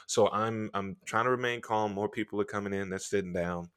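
A man's voice: lowish voice, brisk, hardly any pauses, clear, resonant tone, dry recording, studio quality. A man hosting a podcast, telling a story in casual chat and animatedly acting out what people said. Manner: animated, acts out quotes with laughs and whispers. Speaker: podcast host.

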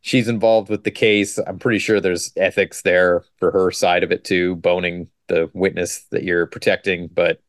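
A man on a podcast, recapping a movie in casual, joking chat and tossing in quick mock quotes. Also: low voice, little pitch movement, dry recording, clean studio sound. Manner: joking, sarcastic, quotes scenes in quick put-on lines. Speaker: podcast co-host.

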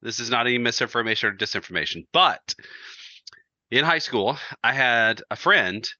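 A man's voice: medium pitch, moderate pace, bright, forceful tone, dry recording, dull audio. A man co-hosting a podcast, telling a story in casual chat and laughing through his words. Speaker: podcast co-host.

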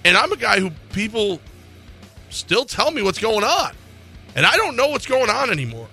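Animated male sports radio co-host. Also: high voice, moderate pace, creaky, husky, faint music behind. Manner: animated, exasperated questioning. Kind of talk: casual sports talk.

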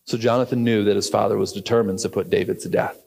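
A pastor preaching a sermon, telling the story earnestly and asking questions of the congregation. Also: male voice, lowish voice, steady tone, fast talker, vocal fry, darkish tone, slight background noise. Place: church sanctuary. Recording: reverberant church hall.

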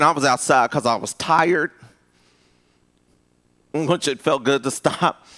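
A man preaching a live sermon, conversational and full of restarts, rising to high emphatic peaks. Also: sharp tone. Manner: conversational with repeated restarts and rhetorical asks. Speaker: pastor.

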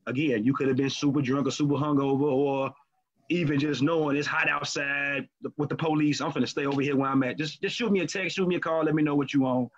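A man in casual chat as a podcast co-host, talking candidly and profanely with animated storytelling. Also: fairly high pitch, fast. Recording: lo-fi muffled recording.

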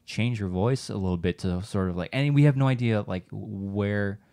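A man co-hosting a casual livestream chat, talking in an excited, rambling way with many fillers. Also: on the low side, moderate pace, vocal fry. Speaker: podcast co-host.

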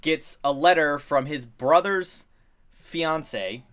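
Young guy rambling on a podcast, kinda high voice, lots of likes and swearing, gets all excited. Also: slow, smooth. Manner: rambling, filler-heavy, excitable, swears freely. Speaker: podcast co-host. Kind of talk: casual chat.

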